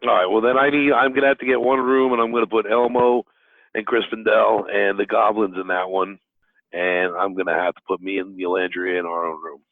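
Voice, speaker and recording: Hesitant male player, low voice, tinny phone-like line. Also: fairly even intonation, a little fast, dry recording. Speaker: tabletop game player. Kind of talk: casual in-character play.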